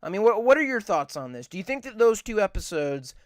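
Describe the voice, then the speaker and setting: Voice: mid-range voice, very animated, fairly quick, dry recording, studio quality. A podcast co-host in casual chat, rambling and swearing a lot, repeating points for emphasis.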